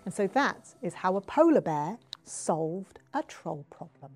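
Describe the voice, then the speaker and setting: A woman storyteller telling a folk tale aloud, expressive with hushed asides. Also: lowish voice, a little slow, faint music behind. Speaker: storyteller guest. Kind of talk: oral storytelling.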